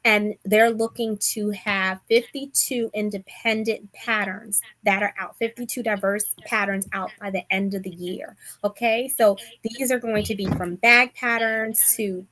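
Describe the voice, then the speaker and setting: Bronx lady hosting a sewing livestream, chatty, upbeat, lots of ums, middle pitch. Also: fairly even intonation, measured pace, few pauses, fairly bright tone. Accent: Bronx New York. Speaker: livestream host. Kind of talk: casual live chat.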